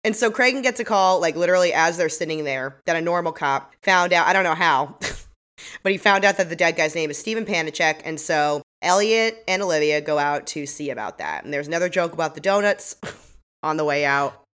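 A woman with a fairly low voice chats casually as a podcast co-host. She recaps a crime show with animated energy, breaking into laughs and playing out the characters' lines. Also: fairly quick.

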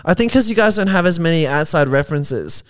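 A man, a comedian guest, telling rambling, animated stories in casual chat. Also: on the high side, fast talker, clear, resonant tone. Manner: rambling, animated anecdotes with filler "like".

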